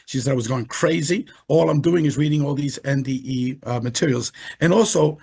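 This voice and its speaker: A man's voice: medium pitch, fairly quick, gravelly, warm tone, husky. An older man, a retired professional, recounting his experiences as an interview guest on a video call, emphatic and repeating himself often. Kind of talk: animated storytelling in conversation.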